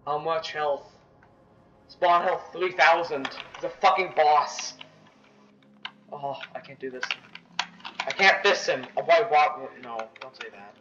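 A young man giving excitable, profane let's-play commentary, yelling at the game. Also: on the high side, slow, long pauses, muffled recording, slight background noise. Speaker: gamer.

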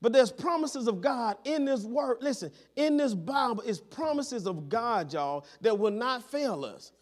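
A man's voice: very high voice, animated, a little slow. A man preaching a sermon as pastor in a church, constantly checking in with the congregation and repeating his phrases.

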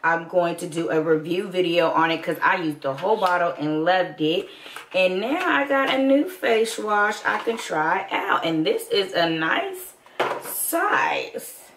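An excitable woman, chatting casually to viewers while unboxing beauty products. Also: lowish voice, measured pace, background noise. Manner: animated, excitable, addresses viewers as y'all. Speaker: beauty vlogger. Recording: echoey room.

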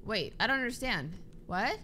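A young woman doing casual let's-play commentary on a horror game, animated and jokey and easily startled. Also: on the high side, normal speed, slight background noise. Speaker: gaming YouTuber.

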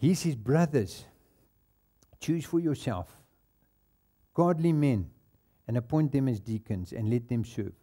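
A man's voice: mid-range voice, animated, slow pace, long pauses, mellow. A male pastor with a South African accent preaching a sermon in a church, telling stories and laughing at his own anecdotes. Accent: South African English.

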